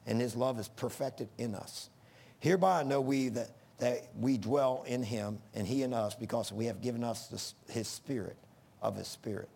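A man's voice: mid-range voice, gravelly, darkish tone, breathy edge. A middle-aged man preaching a sermon in an earnest, folksy way that rises to emphatic bursts.

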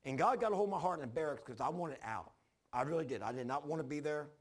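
An older man preaching a sermon, telling his own story in a folksy, repetitive way with sudden loud bursts. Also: fairly high pitch, lively intonation, fast talker. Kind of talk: sermon with personal testimony.

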